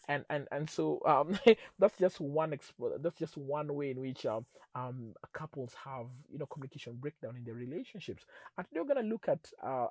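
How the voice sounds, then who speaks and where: A man hosting a teaching series on relationships, telling stories in a lively, animated way and often laughing. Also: medium pitch, no room sound, poor audio. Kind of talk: casual teaching talk.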